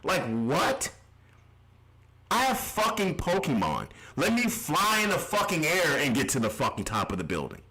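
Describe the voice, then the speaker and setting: A man's voice: a little high, huge pitch swings, normal speed, bright, forceful tone, poor audio. A man streaming live reactions, ranting in an exasperated, heavily profane way.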